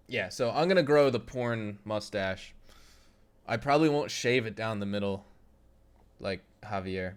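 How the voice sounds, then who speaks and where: A young adult man hosting a casual game live stream. He reads out and answers chat in a loose, joking way and laughs often. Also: lowish voice. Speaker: gaming streamer.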